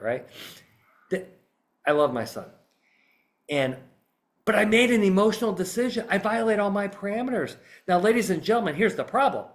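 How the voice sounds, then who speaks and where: Animated middle-aged man telling a story. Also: fairly high pitch, normal speed. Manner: storytelling, animated, addresses imagined jurors. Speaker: trial consultant. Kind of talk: podcast talk acting out a voir dire example.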